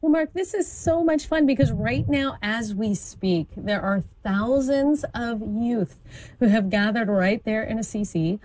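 A woman's voice: on the high side, lively intonation, unhurried, a little mellow, poor audio. A woman commentator on a talk program, explaining events with enthusiasm and an occasional stumble. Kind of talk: informative conversational talk.

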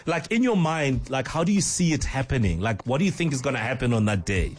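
Lively South African man, laughing a lot. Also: medium pitch, a little fast. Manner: enthusiastic, laughs often. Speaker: interviewer. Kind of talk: casual interview with a child.

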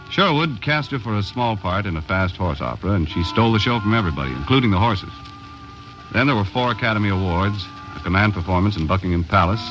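An actor narrating as a laconic boat captain in an old radio drama, matter-of-fact and dry. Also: male voice, low voice, highs cut off, lightly acted.

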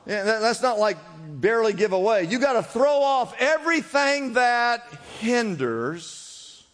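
A man's voice: very high-pitched, big pitch swings, a little slow, a bit bright. A man preaching a sermon in a church, urging his listeners on with repeated phrases. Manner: preaching with rising urgency and repetition. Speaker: pastor. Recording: long hall reverb.

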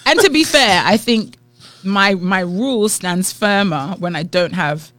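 A woman with a London accent co-hosting a podcast, talking candidly and teasing as she thinks out loud. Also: medium pitch, lively intonation, measured pace, dry recording, faint music behind. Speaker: podcast co-host. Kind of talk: casual chat.

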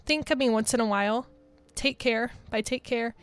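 A young woman in her twenties from Georgia, chatting casually as a college radio DJ in a studio, bubbly and quick to laugh. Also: a little high, smooth. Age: 20s.

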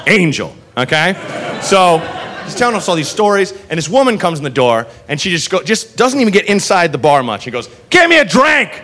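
A man doing stand-up comedy, telling a long story and acting out the people in it with loud, profane energy. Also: fairly high pitch, fairly quick, a little hiss or hum. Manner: animated, profane, acts out characters mid-story. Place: comedy club stage with live audience.

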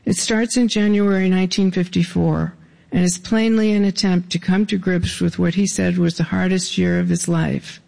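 A man with a fairly high, heavily gravelly voice reads his own stories to a live audience. He delivers them deadpan, tossing in dry, wry asides between passages. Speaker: author reading his own writing.

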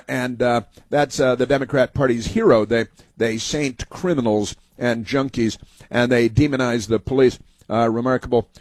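A man's voice: medium pitch, a little mellow, no room sound. A man hosting a political talk radio show, rambling through long monologues full of "uh" fillers and sarcastic asides. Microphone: studio microphone.

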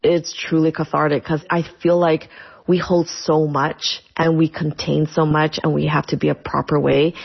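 Woman comedian, low husky voice with fry, animated, laughs a lot, muffled. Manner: animated, laughs often, quick. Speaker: comedian and content creator. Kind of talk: casual interview answers.

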